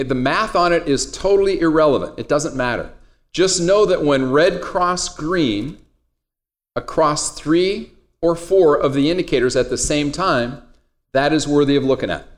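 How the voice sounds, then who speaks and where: A man teaching a trading class in a classroom, casual and joking as he talks straight to his students. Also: fairly high pitch. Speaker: trading instructor. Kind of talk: classroom lecture.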